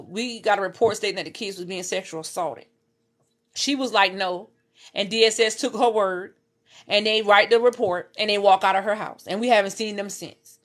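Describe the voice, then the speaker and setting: A woman's voice: medium pitch, fairly bright tone. A woman, telling her own life story to her viewers in an intense, repetitive way, swearing as she talks from her bed at home. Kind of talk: emotional personal storytelling.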